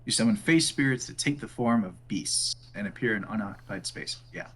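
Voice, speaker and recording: A man playing a tabletop game, calmly reading out rolls and stating his moves. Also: on the low side, a little fast, slight background noise. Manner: matter-of-fact, reading out rolls. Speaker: player. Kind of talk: casual tabletop game talk.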